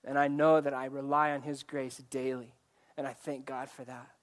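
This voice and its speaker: A man's voice: medium pitch, level tone, normal speed. A man preaching a sermon in an earnest way, asking his listeners direct questions. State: choked up, coughing. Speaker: pastor.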